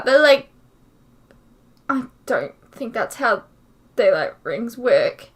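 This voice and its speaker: A woman's voice: sits high, huge pitch swings, takes it slowly, pauses often, fairly bright tone. A young woman hosting a reaction vlog, ranting in frustration, swearing often and filling her talk with "like". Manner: frustrated, swears a lot, fillers like "like". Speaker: reaction channel host. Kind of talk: casual reaction vlog rant.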